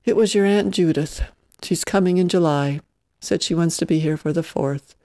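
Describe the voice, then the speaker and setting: An earnest widowed ranch mother, voiced by a reader, gentle and pleading. The tone is mellow and dark, and it sits close and dry with no room sound. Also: medium pitch, normal speed, no echo, lightly acted. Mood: matter-of-fact.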